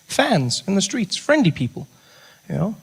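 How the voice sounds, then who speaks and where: A middle-aged South African man telling a stand-up comedy story, animated, slipping in and out of character voices. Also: sits high, moderate pace, vocal fry, slightly rough. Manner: animated, acts out characters with voice shifts.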